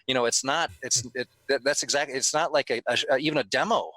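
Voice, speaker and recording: Bright, emphatic middle-aged man. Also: medium pitch, fast talker, dry recording, rough recording. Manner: emphatic, frequent restarts, swears. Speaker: gaming convention organizer. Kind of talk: casual podcast chat.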